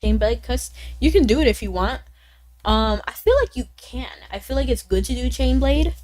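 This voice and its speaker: A woman streaming a game, chatting casually with viewers in a bubbly way, with sudden high exclamations. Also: animated, moderate pace, a little mellow, rough recording. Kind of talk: casual gaming stream chat.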